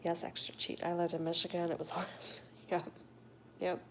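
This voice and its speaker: Middle aged woman rambling on a phone livestream, kinda low voice, reads chat out loud, little whispers here and there. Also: fairly quick, slight background noise. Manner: chatty and animated, with whispered asides. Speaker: livestreamer reading viewer chat. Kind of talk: casual live chat. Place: home in a warm state.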